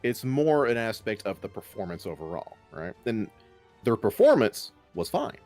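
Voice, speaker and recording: Low, lively-voiced man giving firm opinions. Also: normal speed, faint music behind. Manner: emphatic and opinionated. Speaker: podcast guest. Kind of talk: casual group discussion.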